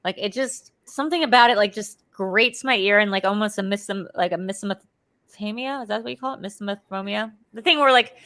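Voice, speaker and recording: A woman's voice: mid-range voice, fast, hardly any pauses, fairly bright tone. A woman co-hosting a casual chat show from home, rambling and chatty with lots of fillers. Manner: chatty, rambling with many likes. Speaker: co-host.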